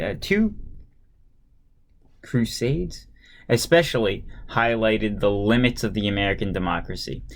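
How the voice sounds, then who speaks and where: A man reading a history textbook aloud at a steady pace, stopping now and then for a casual aside and sometimes stumbling and restarting a word. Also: mid-range voice.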